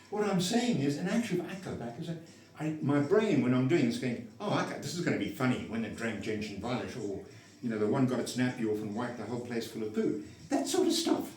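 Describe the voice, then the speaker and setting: An older man in his sixties tells a personal story, trailing off and restarting his sentences as he wanders from point to point. His voice sits a bit high for a man and rises and falls a lot. The sound is roomy and echoey, picked up from a distance. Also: a little mellow. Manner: digressive, self-interrupting, with frequent restarts. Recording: roomy echo, mic set far off.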